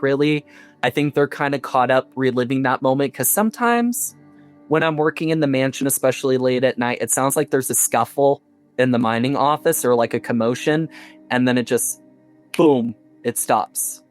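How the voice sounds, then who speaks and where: A man who guides tours of an old house, telling ghost stories in a chatty way with many fillers and restarts. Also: medium pitch. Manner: chatty, full of fillers and self-corrections. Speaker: mansion tour guide and resident. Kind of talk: casual storytelling interview. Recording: soft music underneath.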